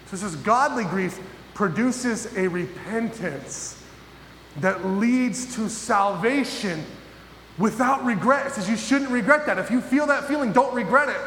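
A man preaching a sermon as pastor, emphatic and full of pauses, often asking his listeners questions. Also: high-pitched, expressive, a bit bright. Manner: emphatic, pausing, asks the audience questions. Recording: echoey hall with faint noise.

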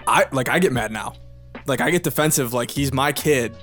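Middle-aged male co-host, average pitch, lively rambling stories, soft music behind. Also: moderate pace. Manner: rambling, animated storyteller, many fillers. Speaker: podcast co-host. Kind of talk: casual chat.

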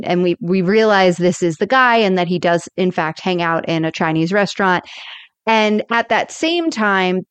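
Smooth-voiced woman podcaster, dry sound. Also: medium pitch, no echo. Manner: animated retelling, acts out quoted lines. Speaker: podcast co-host. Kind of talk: casual chat retelling episode plots.

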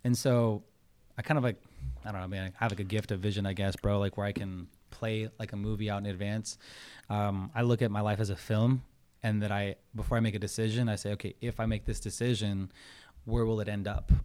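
A fast-talking man tells a personal story in a casual interview, acting out what people said and dropping "bro" and "man" often. His voice sits fairly low. He keeps the talk loose and full of swearing. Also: smooth. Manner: animated storyteller, acts out quotes, swears, says "bro" and "man". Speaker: podcast guest.

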